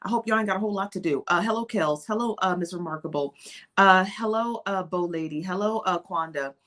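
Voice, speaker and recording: A woman with a notably low-pitched voice hosts a casual live stream. She chats loosely and greets her viewers one by one by name. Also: a little fast, a bit bright. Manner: chatty, greets viewers by name, drops into whispers. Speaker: livestream host.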